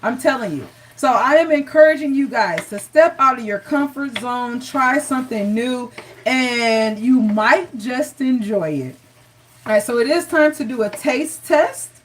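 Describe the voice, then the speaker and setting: A woman's voice: fairly high pitch, expressive, measured pace, distant mic, slight background noise, low-quality recording. A woman hosting a live cooking show, chatty and encouraging, talking straight to her viewers.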